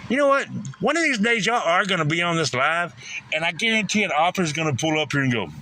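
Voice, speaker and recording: A man's voice: on the high side, very animated, fast, sharp tone, slight background noise. A man chatting casually on a live stream from a parked car, joking, rambling and acting out little scenes. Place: parked car in a store parking lot.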